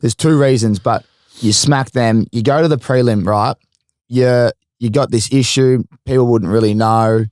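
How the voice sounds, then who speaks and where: A man's voice: mid-range voice, fairly even intonation, moderate pace, a little mellow, no room sound, studio quality. A man with an Australian accent hosting a podcast, chatty and asking leading questions. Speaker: podcast host, former footballer. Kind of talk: casual interview.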